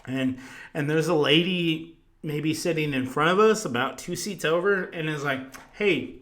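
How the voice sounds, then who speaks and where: A man's voice: on the high side, normal speed, fairly bright tone. A man hosting a podcast, telling a long story in casual chat, swearing constantly and rambling, a bit tipsy. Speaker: podcast host.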